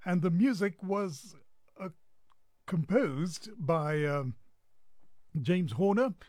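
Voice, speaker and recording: A man's voice: high voice, animated, slow, a little mellow, no room sound, studio quality. A male radio presenter introducing classical music on air in an easygoing, chatty way, fighting off a bout of hiccups. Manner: easygoing, chatty with small asides. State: has the hiccups. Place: radio studio.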